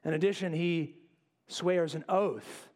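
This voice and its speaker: A male pastor preaching a sermon, acting out quotes and dropping to quiet asides. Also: on the high side, takes it slowly. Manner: animated, acts out voices in quotes, drops to quiet asides.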